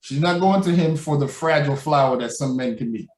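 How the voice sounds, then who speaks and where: A podcast co-host with a brisk, higher-pitched male voice talks animatedly on a casual show, acting out the people he quotes and laughing loudly. He sounds distant and a bit off mic in an echoey room.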